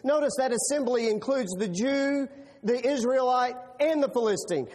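A man preaching a sermon who tells the story in an animated way, often repeating words as he starts a line. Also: extremely high pitch, moderate pace. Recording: long reverb of a large hall.

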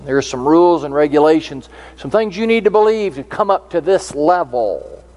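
A man delivers a sermon in an earnest, teaching manner, walking through scripture verse by verse. His voice sits fairly high for a man. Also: animated, normal speed, hardly any pauses, darkish tone. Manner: earnest, explanatory, reads scripture aloud. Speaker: preacher.

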